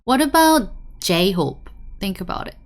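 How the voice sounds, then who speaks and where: Woman, young adult, teacher, online lesson, animated, gravelly, repeats words, asks "right?". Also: medium pitch, unhurried. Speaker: Korean language teacher.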